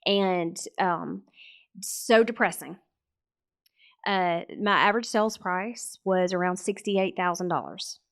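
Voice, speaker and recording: Podcast guest: woman in her 40s, lively, laughs a lot as she tells her story. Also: on the low side, slow, clean tone. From Mississippi. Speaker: podcast guest, real estate coach. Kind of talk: casual interview chat.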